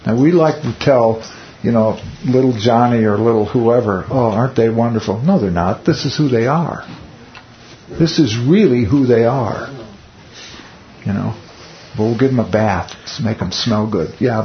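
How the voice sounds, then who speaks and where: A man leads a Bible study in a relaxed, conversational way, sprinkling in rhetorical questions and wry asides. His voice is mid-range at a normal speed, and the recording is muffled and lo-fi with a faint hiss.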